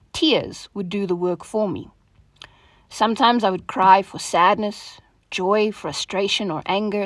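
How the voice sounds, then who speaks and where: A woman hosting a devotional talk, opening with prayer and then speaking in an earnest, gentle, reflective way, her voice softening at the ends of phrases. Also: mid-range voice, dry recording, clean studio sound. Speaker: devotion host.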